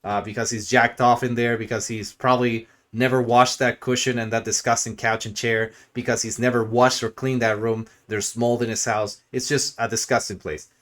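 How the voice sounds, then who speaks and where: Male streamer, mid-pitched, crude and sarcastic, rambling mocking rant. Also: level tone, moderate pace, few pauses, a bit bright.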